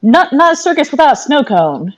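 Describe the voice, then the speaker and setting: A woman's voice: sits high, very animated, fairly quick, voice pushed up. A woman voicing a scruffy cartoon snow cone seller who talks in an eager, chatty, folksy way.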